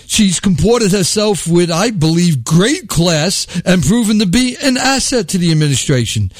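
A man's voice: high voice, expressive, normal speed, hardly any pauses, dry recording, clean studio sound. A man delivering a sarcastic, mocking political monologue, rambling at times. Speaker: commentator.

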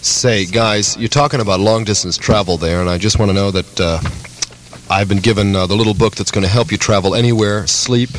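A man improvising an absurd radio comedy bit, rambling on in a deadpan way. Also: lowish voice, fairly quick, a little hiss or hum, poor audio.

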